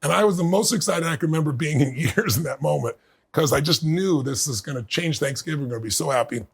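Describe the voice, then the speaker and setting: A middle-aged man being interviewed, telling a personal story in earnest and building to bursts of excitement. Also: on the high side, fast talker. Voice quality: gravelly, husky. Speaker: guest.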